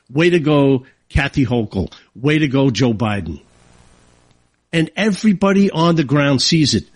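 A man's voice: medium pitch, husky, no room sound. A man hosting a talk show, delivering a combative, sarcastic political monologue. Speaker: radio talk show host.

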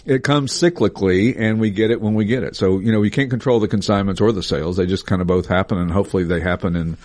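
Low-voiced joking car dealer, rambling. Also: male voice, fast talker, darkish tone. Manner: joking, rambling, self-correcting. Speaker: podcast host, classic car dealer. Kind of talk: casual chat.

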